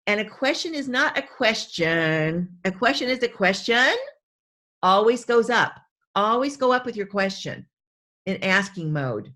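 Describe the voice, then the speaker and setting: A woman's voice: medium pitch, a bit bright. A woman speaking coach teaching a webinar in an enthusiastic, conversational way, often repeating herself for emphasis.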